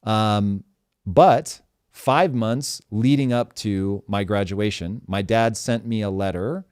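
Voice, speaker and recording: Emphatic low-voiced man talking fast. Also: clear, resonant tone. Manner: emphatic, profane, animated storytelling. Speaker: podcast host. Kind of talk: casual chat.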